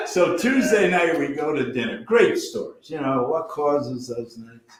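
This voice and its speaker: An older actor telling animated backstage stories in a casual chat, acting out quotes and swearing freely. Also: male voice, medium pitch, unhurried, few pauses, roomy sound, a little hiss or hum. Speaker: actor guest. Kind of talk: storytelling over drinks.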